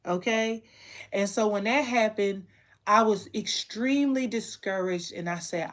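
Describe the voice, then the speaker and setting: A woman's voice: medium pitch, measured pace, a bit bright. Woman, small-business owner, emotional candid storytelling, mid-range voice. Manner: emotional, candid, repeats herself. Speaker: candle maker and online teacher. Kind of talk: personal storytelling to camera.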